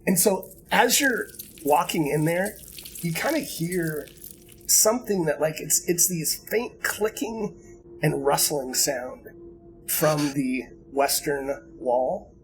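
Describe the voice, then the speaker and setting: A man narrating a tabletop game as game master, easygoing and halting, with many fillers and restarts. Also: on the high side, lively intonation, slight background noise, poor audio.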